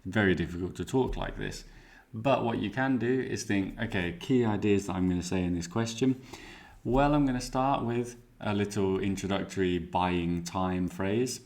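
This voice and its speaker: A man teaching exam speaking skills, explaining clearly and giving worked example answers. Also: fairly low pitch, normal speed, darkish tone.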